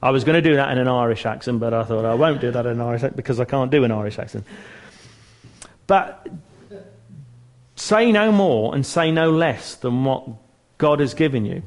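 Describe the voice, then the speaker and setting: A man's voice: mid-range voice, animated, normal speed. A man giving an informal church teaching talk, earnest and chatty, restarting phrases and joking at his own expense. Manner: chatty and earnest, with frequent restarts and self-mocking humour.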